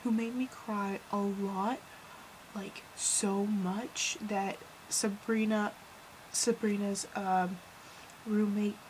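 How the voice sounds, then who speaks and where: A teenage girl giving a casual, gushing film review vlog, rambling, dropping into whispers and then bursting out louder. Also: mid-range voice, a little hiss or hum, low-quality recording. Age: teens. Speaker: vlogger.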